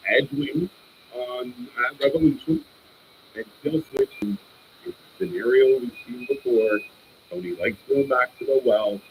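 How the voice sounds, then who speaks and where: A man hosting a live stream and reviewing a wrestling show, casual, opinionated and profane, with bursts of excited ranting. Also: unhurried, muffled recording, slight background noise. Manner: animated, swings up into high excited bursts while ranting.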